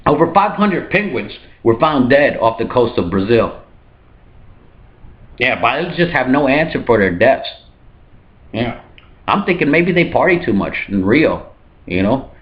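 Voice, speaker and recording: Deadpan jokes fill this satirical news monologue, which a male host performs in a hotel room while now and then switching to high-pitched mock voices. The highs in the audio are cut off.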